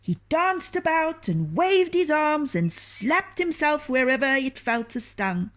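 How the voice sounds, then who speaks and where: A woman reading a children's storybook aloud, expressive and often dropping into a hushed whisper. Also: sits high, measured pace.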